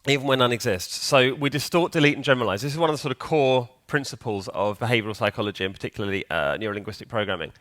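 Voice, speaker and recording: A man's voice: mid-range voice, racing, few pauses, a bit bright, no echo. Joking man giving a conference talk. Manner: chatty, joking, quizzes the audience. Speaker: conference speaker. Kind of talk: live conference talk to an audience. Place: conference hall with audience.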